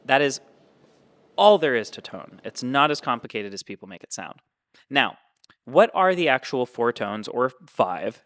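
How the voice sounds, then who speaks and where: A man's voice: mid-range voice, a bit bright. A man teaching Mandarin tones, explaining patiently and demonstrating each sound. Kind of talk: explaining with spoken examples.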